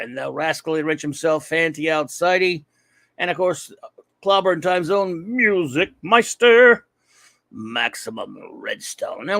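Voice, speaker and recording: A man hosts his livestream with loud, energetic shout-outs. His voice sits a little high and has a gravelly edge. The sound is dry and close. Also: no echo. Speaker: livestream host. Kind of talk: casual livestream chat.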